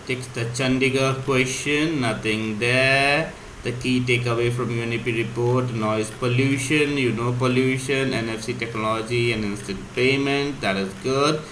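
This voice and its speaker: A man's voice: mid-range voice, steady tone, normal speed, a bit bright. A man teaching vocabulary casually, explaining words and spelling them out. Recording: echoey room, faint hum.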